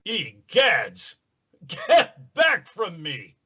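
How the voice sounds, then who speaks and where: A man voicing a bombastic male superhero, declaiming grandly and slowly. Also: high-pitched, wildly swooping pitch, bright, forceful tone, breathy edge, pitched above the performer's own voice, heavily acted. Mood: pompous. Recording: dull lo-fi sound.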